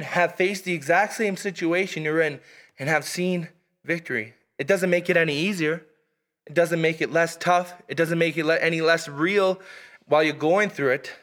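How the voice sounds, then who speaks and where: A man preaching a sermon in an earnest, emphatic way, reading scripture aloud and pausing for weight. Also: on the high side, fairly bright tone. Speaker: pastor.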